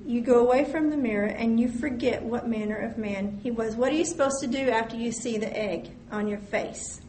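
A woman's voice: fairly high pitch, darkish tone, a little hiss or hum. A woman preaching a sermon, reading scripture aloud and speaking prayers in an earnest, explanatory way. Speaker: Bible teacher. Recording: echoey room with faint ambience.

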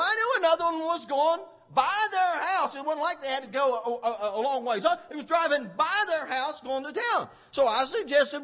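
A man preaching a sermon, fervent and with sudden loud emphasis. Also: sits high, husky.

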